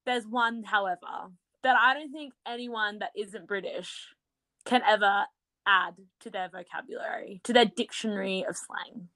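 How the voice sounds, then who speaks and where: A woman's voice: mid-range voice, no room sound. A young Australian woman co-hosting a podcast, chatting casually and laughing easily as she tells anecdotes. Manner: giggly, animated, quick to laugh. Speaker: podcast co-host. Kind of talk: casual chat.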